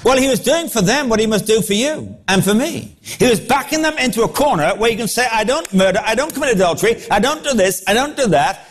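A man preaching a sermon, acting out the crowd's reactions with animated delivery. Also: high voice, a little fast, few pauses.

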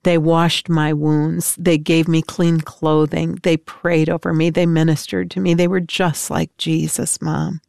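A woman's voice: sits low, flat delivery, measured pace, creaky, few pauses, a little mellow, no echo, studio quality. An older woman giving an emotional personal testimony as an interviewed mother, telling her story in an intense, tearful way.

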